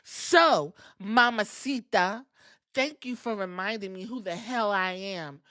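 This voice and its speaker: A woman doing a comic impression of a boastful female wrestler who taunts her rival in a slow, mocking way. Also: medium pitch, fairly bright tone, dry recording, studio quality. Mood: taunting. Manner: slow, mocking, drawn-out delivery.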